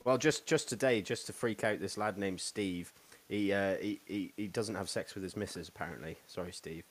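A man's voice: low voice, moderate pace. A man, host of a casual chat, telling crude stories and laughing as he goes. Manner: animated, laughing storyteller.

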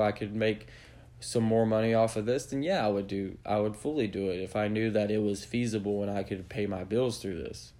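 A man's voice: lowish voice, mellow. Blunt, profane ranting man. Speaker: podcast host. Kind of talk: opinionated rant.

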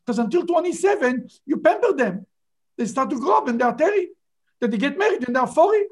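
A man's voice: very high-pitched, fast. Emphatic man teaching a Bible class. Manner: animated, emphatic, rhetorical questions. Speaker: rabbi teaching a Torah class.

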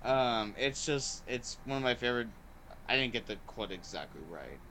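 A man hosting a podcast, chatting casually and excitedly about a movie, with lots of "like" and "um" fillers. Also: medium pitch, normal speed, slight background noise. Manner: excited and rambling, heavy use of "like" and "um". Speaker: podcast host. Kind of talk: casual movie review chat.

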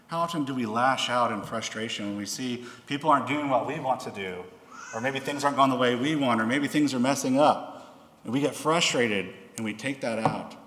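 Male preacher, mid pitch, reads scripture with raised dramatic delivery; recorded in a reverberant hall. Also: brisk, a bit bright. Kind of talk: sermon with scripture reading. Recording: echoey hall.

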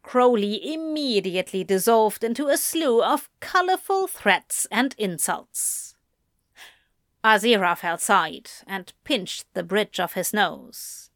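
A woman narrating a fan fiction story aloud with measured, expressive delivery. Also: mid-range voice, no room sound, studio quality. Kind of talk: audiobook reading of fan fiction.

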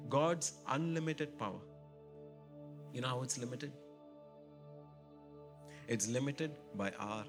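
A man preaching a sermon, building to emphatic repeated rhetorical questions and calling out to the congregation. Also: medium pitch. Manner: calls out to the congregation. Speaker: pastor.

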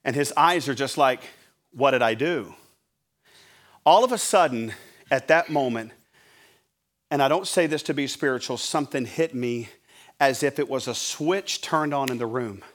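A middle-aged man preaching as a pastor, telling an animated sermon story and acting out his own shouting. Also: medium pitch, moderate pace. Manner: animated, acts out his own yelling at a referee.

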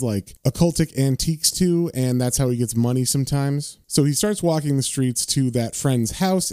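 A man's voice: mid-range voice, mellow, clear, resonant tone, dry recording, clean studio sound. A man giving a casual, rambling recap of a comic book issue, with lots of fillers. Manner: loose and rambling, with frequent fillers.

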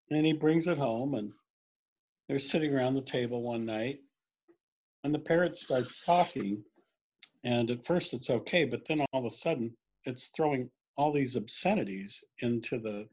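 A man telling jokes in a relaxed, storytelling way, acting out the characters. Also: medium pitch, slightly rough. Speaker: joke teller. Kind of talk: casual joke telling. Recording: dull lo-fi sound.

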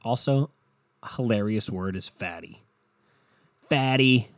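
At a moderate pace and in a fairly low, slightly mellow voice, a man co-hosting a podcast rambles through a casual, self-mocking story. He swears constantly, and the recording is dry.

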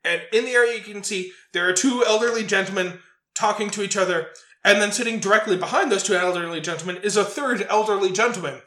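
Laughing, swearing high-voiced man. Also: fast, echoey room. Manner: swearing, laughing, animated storytelling. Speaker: podcast co-host. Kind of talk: casual movie review chat.

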